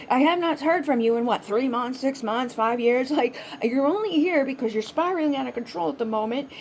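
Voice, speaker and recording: A woman with a somewhat high voice talks off the cuff to her audience of reading clients. She rambles, swears without pause and restarts her sentences over and over. A faint background hiss sits under the recording. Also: darkish tone, rough recording. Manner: rambling, frank, swears freely, many fillers and restarts. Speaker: spiritual reader and channel host. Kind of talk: casual unscripted monologue.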